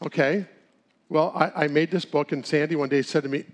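A man's voice: a little high, steady tone, brisk. A middle-aged man giving a humorous, sermon-style talk, telling folksy stories with chuckles. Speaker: speaker at a church seminar.

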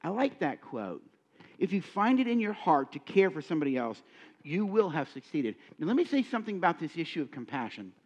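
A man's voice: fairly high pitch, fast. A middle-aged man preaching a sermon, acting out little scenes and firing questions at his listeners. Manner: animated, acts out dialogue, asks the audience questions. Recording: dull lo-fi recording.

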